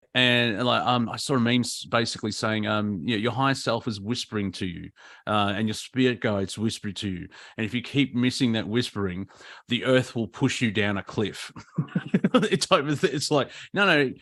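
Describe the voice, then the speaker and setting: A man's voice: fairly low pitch, fairly bright tone. Guy on a zoom call, rambly and crude, laughs at his own jokes. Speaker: co-host. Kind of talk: casual comedic chat. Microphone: video call.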